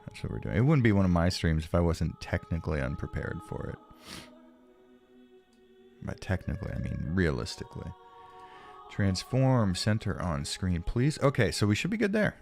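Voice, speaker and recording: A man with a very low voice talks casually to his stream audience, rambling and poking fun at himself as he reads chat aloud. He sounds slightly stuffed up from allergies. Faint game music plays quietly underneath. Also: very animated, normal speed, gravelly. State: sniffly from allergies.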